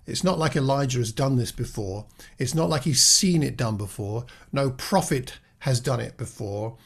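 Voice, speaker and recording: A man's voice: mid-range voice, lively intonation, moderate pace, creaky, slightly rough. Earnest man teaching from the Bible. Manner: earnest, with frequent restarts and rhetorical questions. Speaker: preacher.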